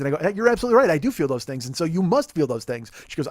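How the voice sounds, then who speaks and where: A man's voice: a little high, lively intonation, very fast, hardly any pauses, no room sound. A man in his forties hosting a podcast, ranting in a profane, self-deprecating, rambling way. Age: 40s. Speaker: podcast host. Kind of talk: casual comedic rant. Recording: dry close-mic studio sound.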